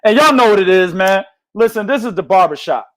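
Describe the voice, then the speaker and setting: A high-pitched man hosts a boxing show with loud, passionate, profane chatter. He talks like this all the time, heated and unfiltered. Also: expressive, a little fast. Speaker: boxing podcast host. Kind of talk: heated casual chat.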